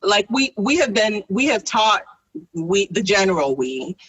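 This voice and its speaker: A woman in her thirties or forties, animated and laughing often as she tells a story in casual conversation. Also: medium pitch, measured pace, husky. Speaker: guest. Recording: distant from the mic.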